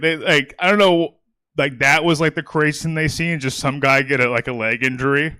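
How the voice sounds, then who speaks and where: A man's voice: on the high side, brisk, bright, forceful tone, smooth. A young man doing a rambling stand-up comedy set with crowd work in a small comedy theater.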